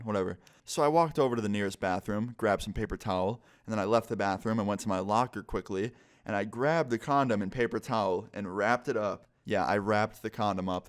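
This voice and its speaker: A young man vlogger telling a story in a casual, rambling, profane way. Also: fairly low pitch.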